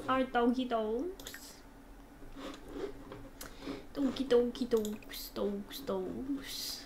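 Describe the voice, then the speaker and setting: A young woman casually commenting on a game she plays, gushing and excitable, dropping now and then into soft whispers. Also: fairly high pitch, extremely slow, pauses often, noisy background. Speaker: gaming channel host.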